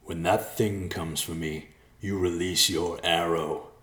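A man voicing an old male bear elder who speaks slowly and stoically. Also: low voice, fairly even intonation, fairly bright tone, roomy sound. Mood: stoic. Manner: slow, stoic, solemn.

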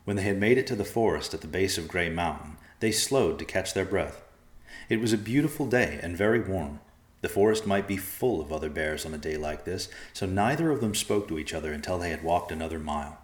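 A man with a very low voice narrates a storybook calmly and evenly, at a fairly quick pace. The echoey room around him is easy to hear.

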